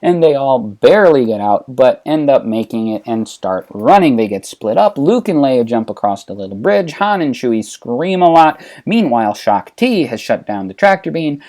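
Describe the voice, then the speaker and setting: Brief: male comedy narrator, casual and offhand, lively pitch. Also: normal speed, hardly any pauses. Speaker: host and narrator.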